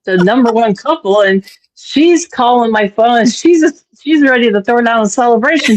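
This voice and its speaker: A woman in casual chat who gossips excitedly and leaps up in pitch when quoting others. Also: moderate pace, poor audio. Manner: excitable, gossipy, big pitch swings in quotes.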